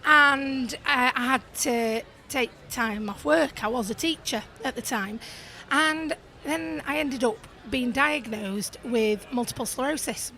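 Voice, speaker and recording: A woman's voice: sits high, unhurried, few pauses, sharp tone. A Yorkshire woman guesting on a pub-themed podcast, chatting in a bubbly, storytelling way. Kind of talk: casual chat.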